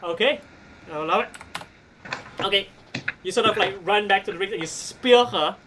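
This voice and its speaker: A man running a tabletop wrestling game as game master, animated, laughing and swearing casually. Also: sits high, normal speed, noisy background.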